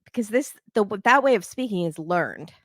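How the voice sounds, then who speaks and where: A woman from Los Angeles, a podcast guest, chatting casually and quickly. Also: medium pitch, animated, no echo, studio quality. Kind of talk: casual chat.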